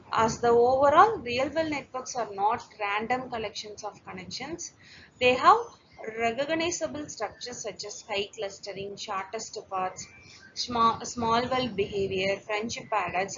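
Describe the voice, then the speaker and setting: A woman's voice: a little high, unhurried, fairly bright tone, slight background noise. Woman lecturer, dull lo-fi recording. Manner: explains step by step with fillers and restarts.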